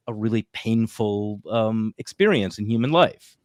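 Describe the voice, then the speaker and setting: A man's voice: fairly low pitch, expressive, unhurried, darkish tone, no room sound. A man hosting a podcast in casual chat, rambling along with plenty of fillers. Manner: chatty, rambling with many fillers. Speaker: podcast host.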